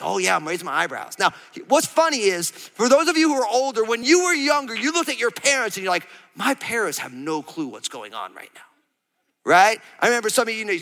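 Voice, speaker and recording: A man's voice: high-pitched, pushed and bright. A man in his thirties preaching a sermon, playful and conversational, asking his congregation questions and acting out quotes. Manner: playful, acts out quotes, asks the crowd. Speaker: pastor. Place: large church hall. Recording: reverberant church hall.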